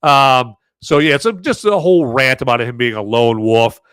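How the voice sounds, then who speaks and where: A man's voice: medium pitch, moderate pace, fairly bright tone, clear, resonant tone, no room sound. Rambling man reviewing a movie. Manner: rambling, lots of "uh" and "there". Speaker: podcast host. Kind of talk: casual live movie review.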